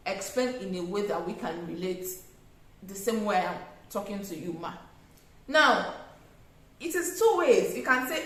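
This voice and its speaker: A young Nigerian woman with a Nigerian accent giving customer service tips in a casual vlog, animated and acting out exchanges with customers. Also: medium pitch, moderate pace, heavy reverb, poor audio. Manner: animated, acts out customer exchanges, laughs often. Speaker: small business owner giving tips.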